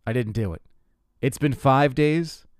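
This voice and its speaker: A man's voice: mid-range voice, a little slow, no room sound. A young man in his twenties talks through a comic monologue. He swears freely, restarts his sentences and mocks himself, in an ordinary mid-range voice. The sound is dry and close, with no room around it. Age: 20s. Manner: rambling, profane, self-mocking storytelling with frequent restarts. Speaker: comedian podcast host. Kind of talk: casual comedic monologue.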